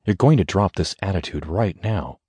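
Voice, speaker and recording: A man narrating an audiobook voices a stern, commanding husband who gives low, firm warnings. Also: animated, normal speed, warm tone, husky, no room sound.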